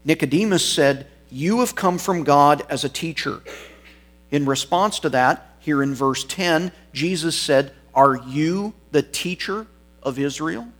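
A man's voice: a little high, measured pace, fairly bright tone. A man preaching an expository sermon, reading scripture and stressing key words, once correcting himself mid-sentence.

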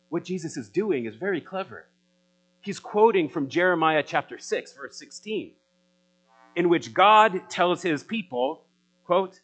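Slow, impassioned male preacher. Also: fairly high pitch, animated, rough recording. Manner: swings from loud, rising appeals to quiet, probing questions. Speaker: pastor. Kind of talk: sermon.

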